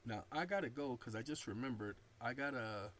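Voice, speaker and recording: Fairly quick and a bit bright, a medium-pitched male voice belongs to a tired channel host chatting casually with his viewers. He dictates punctuation aloud while reading, over a low-quality recording with slight background noise.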